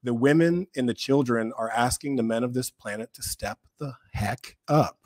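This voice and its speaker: A man's voice: mid-range voice, a little mellow, no room sound. Impassioned man with dry close sound. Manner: impassioned, preacher-like, with emphatic slow repeats. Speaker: podcast guest, men's group co-founder. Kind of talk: earnest podcast conversation.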